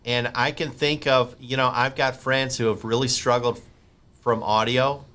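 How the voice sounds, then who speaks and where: A man hosts a podcast interview over a remote call. His voice is bright and forward, at a middle pitch. He rambles warmly into tangents and animated asides. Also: a little slow. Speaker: podcast host. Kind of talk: interview chat.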